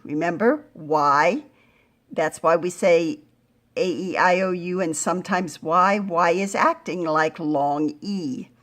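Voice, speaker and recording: A middle-aged woman teaching a phonics lesson to young readers, patient and encouraging, sounding words out slowly. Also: lowish voice, fairly bright tone. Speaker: reading teacher.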